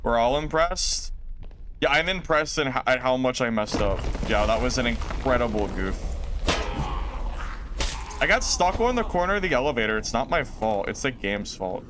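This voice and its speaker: A man's voice: medium pitch, lively intonation, normal speed. Guy streaming a game, jokey and exasperated at himself, mouse clicks and noise behind. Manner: self-mocking, exasperated, laughs often. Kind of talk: live gameplay commentary reading chat.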